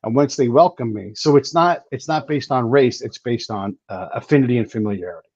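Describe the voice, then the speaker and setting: A man hosting a casual conversation, telling stories emphatically and talking in quick bursts. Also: medium pitch, darkish tone, no room sound. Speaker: podcast host. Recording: dull lo-fi recording.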